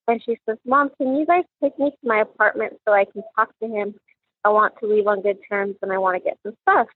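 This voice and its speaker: A middle-aged mother recounting her daughter's last days, halting and restarting often as she quotes conversations. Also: mid-range voice, dry recording. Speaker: mother of the victim, recounting events. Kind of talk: personal recollection interview. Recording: tinny phone line, dry.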